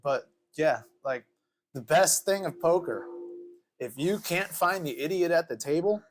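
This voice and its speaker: Joking young man, slightly higher voice. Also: expressive, unhurried. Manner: joking, laughs often, swears freely. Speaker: co-host. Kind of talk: casual podcast chat.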